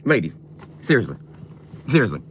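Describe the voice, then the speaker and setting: A man's voice: fairly low pitch, very animated, normal speed, a little hiss or hum. A man ranting on a livestream, taunting and confronting his viewers directly in a coarse, profane way.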